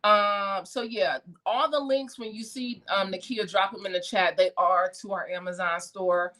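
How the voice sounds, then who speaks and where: A woman hosting a casual livestream, talking about books she read in a chatty, animated way. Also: mid-range voice, a little slow. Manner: chatty, animated, laughs often. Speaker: host.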